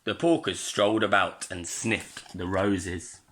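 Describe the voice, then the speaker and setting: A male primary school teacher reading a storybook aloud to his pupils in an expressive way. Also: low voice, slow.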